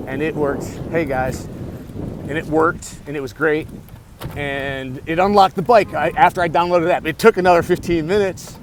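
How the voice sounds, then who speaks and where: Rambling, profane man outdoors in the city. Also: a little high. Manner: rambling, profane, self-talk with restarts. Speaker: vlogger. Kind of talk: casual storytelling vlog. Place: outdoors in a city on a bike ride. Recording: outdoor city noise behind.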